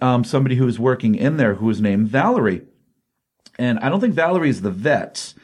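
A man's voice: medium pitch, darkish tone. A man giving a casual, rambling recap of a comic book issue, full of ums and you-knows.

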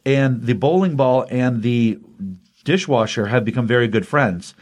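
A man's voice: mid-range voice, unhurried, darkish tone. A man casually recapping a comic book issue, chatty and rambling, often acting out the characters' lines. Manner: chatty, rambling, acts out quotes.

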